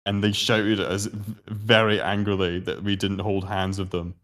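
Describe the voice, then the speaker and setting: A man's voice: on the low side, level tone, normal speed, a bit bright. A young Scottish man answering quiz questions, hesitant and given to rambling stories and swearing. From Scotland. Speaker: quiz contestant. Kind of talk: casual podcast chat.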